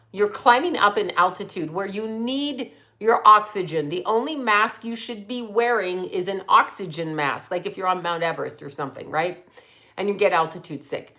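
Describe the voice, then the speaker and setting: A woman hosting a livestream, telling stories casually, animated, laughing often and swearing freely. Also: mid-range voice. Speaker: livestream host.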